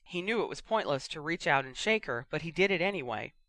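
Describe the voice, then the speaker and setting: An audiobook narrator giving a steady, expressive reading of a fiction story. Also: mid-range voice, brisk, dry recording.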